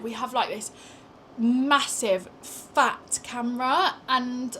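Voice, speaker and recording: A woman's voice: on the high side, slow pace, a bit bright, slight background noise. Chatty British woman vlogging. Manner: chatty, talks to the camera, self-deprecating asides. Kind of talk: casual vlog. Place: indoors at home and walking outdoors. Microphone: small handheld gimbal camera.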